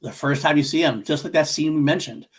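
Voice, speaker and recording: A man's voice: on the high side, a little fast, slightly rough. A man co-hosting a podcast, talking about films in a casual, enthusiastic, rambling way. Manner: enthusiastic, rambling, with restarts and swearing. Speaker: podcast co-host. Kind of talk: casual movie discussion.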